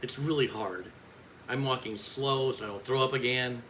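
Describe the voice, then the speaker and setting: A man's voice: mid-range voice, fairly even intonation, moderate pace, a bit bright, a little hiss or hum, rough recording. A man who works as a coach, speaking in a bitter, blunt and profane vlog rant.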